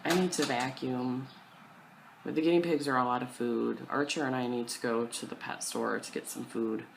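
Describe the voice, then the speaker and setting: A woman's voice: rumbling low, fairly even intonation, moderate pace, gravelly, a little hiss or hum, low-quality recording. A young woman chatting casually at home to her camera about her cross-stitch plans, self-deprecating and full of fillers.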